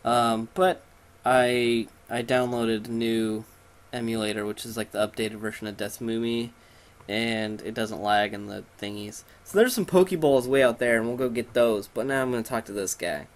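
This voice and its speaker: A man talks over a video game playthrough in a loose, irreverent way, cracking jokes and making up goofy lines for the characters. His voice sits at an ordinary middle pitch. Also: steady tone, moderate pace. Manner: irreverent, joking, makes up silly dialogue for characters. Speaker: let's play host. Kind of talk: casual let's play commentary.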